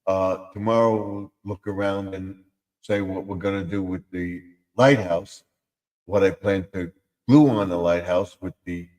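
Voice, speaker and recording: A man with a fairly low voice chats loosely on his live stream. He rambles from idea to idea and keeps slipping into silly voices. His words hang in a long reverb. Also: fairly even intonation, unhurried, darkish tone. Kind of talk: casual live stream chat.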